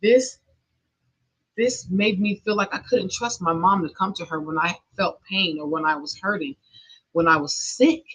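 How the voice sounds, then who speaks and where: Bright, husky woman telling her story. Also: fairly low pitch, moderate pace. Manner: earnest, emotional storytelling with nervous laughs. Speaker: podcast host. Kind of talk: personal monologue. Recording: dull lo-fi recording.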